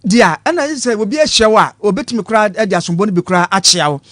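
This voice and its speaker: High-voiced Ghanaian male news host. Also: lively intonation, very fast, fairly bright tone, dry recording. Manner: chatty, switches between Twi and English. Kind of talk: casual news commentary.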